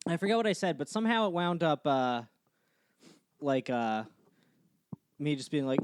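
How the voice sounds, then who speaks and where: A young man hosting a casual podcast, telling deadpan stories and laughing often. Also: mid-range voice, a little fast, long pauses, clear, resonant tone, no room sound. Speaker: podcast host. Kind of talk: casual chat.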